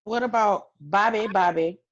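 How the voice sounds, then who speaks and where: A woman's voice: medium pitch, normal speed, muffled recording. A woman co-hosting a casual chat about a TV episode, laughing often and quoting characters. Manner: laughs often, quotes characters in lively voices. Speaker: podcast co-host.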